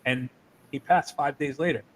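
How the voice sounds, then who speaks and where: A man who runs wrestling shows, from New Jersey, telling animated, profane stories in a casual interview. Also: mid-range voice, normal speed, rough recording. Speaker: wrestling promoter.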